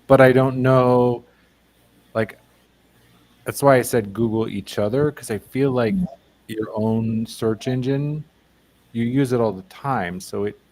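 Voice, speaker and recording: A man's voice: mid-range voice, takes it slowly, pauses often, a little mellow. A man taking part in a casual chat, thinking aloud loosely with fillers. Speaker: participant.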